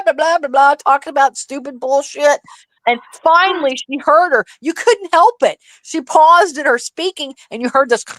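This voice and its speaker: A woman co-hosting a casual livestream chat, telling gossip in an animated, profane, laughing way. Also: high-pitched, dry recording. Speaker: livestream co-host.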